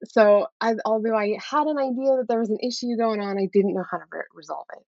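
A woman's voice: on the high side, fast, a little mellow, no room sound. A woman in her thirties, a guest in an interview, telling a personal story candidly and often adding "right?". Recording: dull, dry, lo-fi sound.

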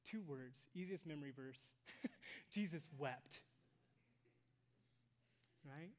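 A pastor preaching a sermon to a congregation, swinging between loud emphasis and hushed near-whispers and asking rhetorical questions. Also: medium pitch, expressive, slow pace. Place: church sanctuary with congregation.

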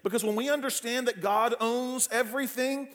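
A male pastor preaching a sermon, telling family stories with humor and lively asides. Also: extremely high pitch, moderate pace. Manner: frequent fillers and restarts in anecdotes.

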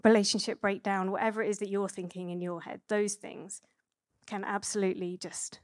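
A woman in her thirties giving a conversational sermon, chatty and relaxed, with frequent fillers and self-corrections. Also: medium pitch, fairly quick, no room sound, clean studio sound. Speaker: preacher.

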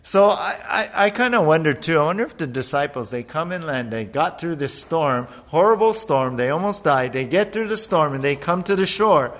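A man preaching a sermon as pastor, animated, acting out voices as he retells a passage. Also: fairly high pitch, moderate pace, hardly any pauses. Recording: long hall reverb.

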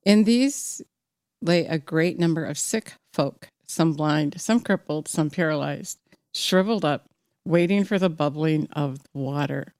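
A woman's voice: sits low, measured pace, a little mellow, no room sound. A woman giving a fervent personal sermon, exhorting her listeners and reading scripture aloud with some slips. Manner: fervent, exhorting, rising to emphatic peaks. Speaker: preacher.

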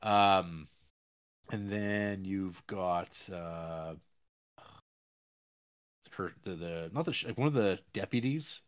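A man's voice: low voice, takes it slowly, long pauses, smooth. A man hosting a podcast, chatting casually as he retells a movie's plot in a loose, rambling way. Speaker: podcast host. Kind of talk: casual movie-recap chat.

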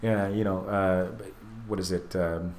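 Speaking unhurriedly in a deep voice, this podcast host spins animated stories in casual chat, performing the quoted lines himself. A roomy echo surrounds his voice.

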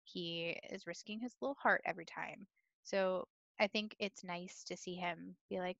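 Gravelly, low-voiced woman gushing about a show. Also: steady tone, moderate pace, a bit bright, no echo, muffled recording. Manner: enthusiastic, gushing. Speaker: podcast co-host. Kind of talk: casual TV recap chat.

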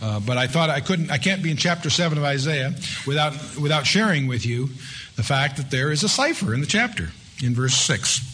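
A man's voice: on the high side, expressive, brisk, sharp tone, a little hiss or hum. A man leading an evening Bible study in a conversational way, reading scripture aloud with rising emphasis. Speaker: Bible teacher.

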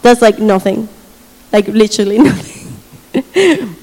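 A woman telling a faith story in a sermon, animated, laughing often and acting out what people said. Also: medium pitch, slow. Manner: animated storytelling with frequent laughter and acted quotes. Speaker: speaker sharing a testimony. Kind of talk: testimony sermon. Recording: long reverb of a large hall.

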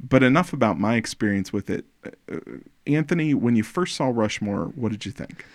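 A man's voice: medium pitch, lively intonation, moderate pace, no room sound, clean studio sound. A man in his forties hosting a casual film podcast, playful and teasing, talking at length with little restarts. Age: 40s. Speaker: podcast host.

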